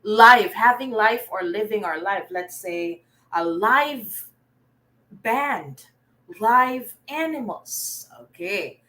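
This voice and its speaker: A woman's voice: mid-range voice, expressive, slow, fairly bright tone, poor audio. A woman teacher, teaching a live online reading lesson and praising students by name.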